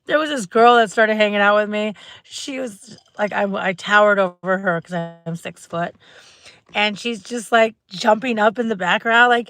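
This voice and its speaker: Chatty and bubbly, this livestream host speaks at normal speed with a gravelly, fairly bright voice, holding her phone close inside her parked car. She performs quotes in squeaky voices. There's no room sound.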